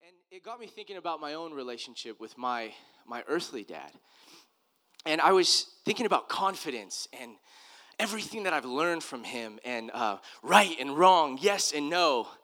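A man's voice: on the high side, expressive, moderate pace, sharp tone. A man, a pastor, giving a conversational sermon, telling personal stories in an earnest, loose way with restarts.

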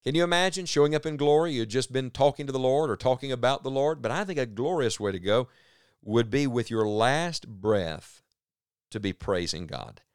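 A man's voice: mid-range voice, lively intonation, normal speed, clean tone, dry recording, clean studio sound. A man preaching a sermon earnestly, his voice rising and falling for emphasis. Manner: earnest, rises and drops for emphasis.

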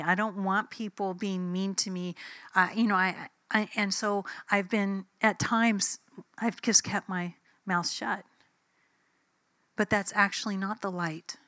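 Woman preacher, bright tone, dry close sound, conversational sermon, storytelling. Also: mid-range voice, dry recording. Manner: conversational, emphatic, tells anecdotes acting out dialogue. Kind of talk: sermon with personal stories.

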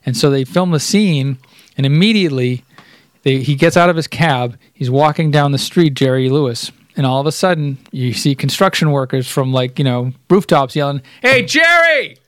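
A man co-hosting a podcast, telling stories in a relaxed, casual way. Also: mid-range voice, normal speed, no echo. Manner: storytelling, relaxed anecdotes. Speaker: podcast co-host. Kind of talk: casual chat.

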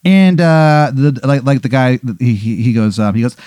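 A man running a tabletop game as game master, narrating in an animated, rambling, profane way. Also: medium pitch, normal speed, smooth, dry recording, clean studio sound. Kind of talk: improvised storytelling of a tabletop game.

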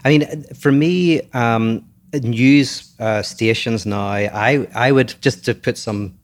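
A man's voice: mid-range voice, takes it slowly. A man co-hosting a podcast, chatting casually with dry, teasing remarks and thoughtful opinions. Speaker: podcast co-host. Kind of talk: casual chat.

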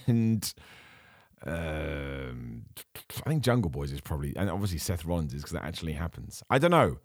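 A man hosting a casual podcast, reading out viewer questions and answering them with chatty enthusiasm while his voice turns hoarse. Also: very deep voice, very animated, normal speed, no echo, studio quality. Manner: enthusiastic, chatty, frequent fillers and restarts. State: losing his voice. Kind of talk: casual chat.

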